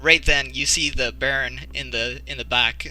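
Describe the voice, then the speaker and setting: A man's voice: medium pitch, steady tone, moderate pace, sharp tone, low-quality recording. A man narrating a tabletop role-playing game as game master, in a loose, casual way with lots of fillers and frequent laughter.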